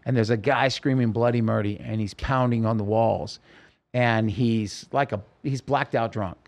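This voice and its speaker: Man, podcast guest, tense present-tense storytelling, mid-pitched voice. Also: steady tone, moderate pace. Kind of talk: recounting a personal story in an interview.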